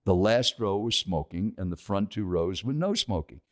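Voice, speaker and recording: Older male guest storyteller, animated, with a lively pitch. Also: moderate pace. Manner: animated, asks listeners questions.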